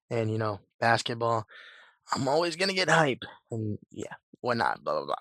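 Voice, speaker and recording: Hoarse man rambling about a show. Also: medium pitch, lively intonation, normal speed, a bit bright, no room sound, clean studio sound. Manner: rambling, filler-heavy, shrugs things off with "blah, blah". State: hoarse from a cold. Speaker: YouTube host. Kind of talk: casual fan-theory chat.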